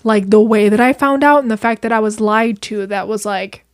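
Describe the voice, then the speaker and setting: A young woman chatting as a podcast guest, telling stories in an animated way with quick asides. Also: mid-range voice. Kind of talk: casual chat.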